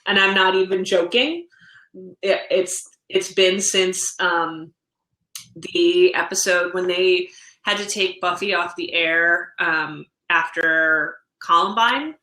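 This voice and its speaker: A woman's voice: fairly low pitch, slow pace, sharp tone. A woman in her thirties, co-hosting a podcast and telling long, rambling stories in casual chat. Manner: chatty, rambling storyteller. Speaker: podcast co-host. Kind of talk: casual chat about comics and TV. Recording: echoey room.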